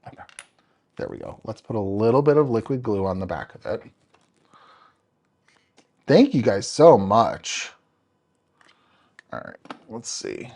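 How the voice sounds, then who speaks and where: A young man hosts a crafting live stream. He chats upbeat with viewers while he works, and his pitch swings up and down a lot as he talks. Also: very animated, a little slow, gravelly, long pauses, a little mellow. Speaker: card-making tutorial host.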